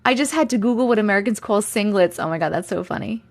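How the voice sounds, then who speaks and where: A woman with a Long Island accent, chatting casually on a livestream and reading viewer comments, talking in a chatty, animated way full of giggles. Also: medium pitch, fast. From Long Island, New York. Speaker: livestream host.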